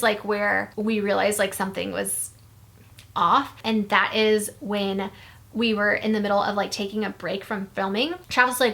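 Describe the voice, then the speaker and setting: A woman's voice: medium pitch, fairly bright tone. A young woman vlogger telling a spooky story in a casual, chatty way, full of "like". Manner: chatty, fills speech with "like".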